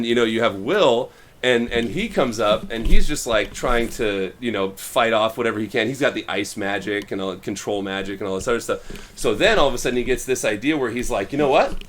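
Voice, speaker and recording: A man co-hosting a podcast, casually retelling a story and acting out the characters' lines in quick little voices. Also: mid-range voice, a bit bright, a little hiss or hum. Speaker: podcast co-host.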